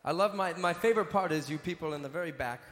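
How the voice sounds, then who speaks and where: A man's voice: fairly high pitch, fast, very noisy. A man doing live stand-up comedy on a big stage, playfully teasing and bantering with the audience. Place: large live venue stage. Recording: echoey hall with long reverb, crowd ambience.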